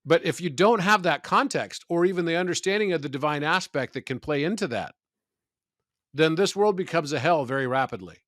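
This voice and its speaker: A man who is a podcast guest, talking in a measured, reflective way about spiritual ideas and telling stories. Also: a little high, expressive, a bit bright, no echo, studio quality. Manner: measured, storytelling, philosophical.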